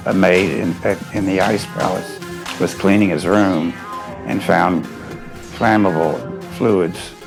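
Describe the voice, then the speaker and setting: Brief: male interviewee, very low, gravelly, matter-of-fact, music under. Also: steady tone, slow. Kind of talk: recounting a story for a documentary. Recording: music bed behind voice.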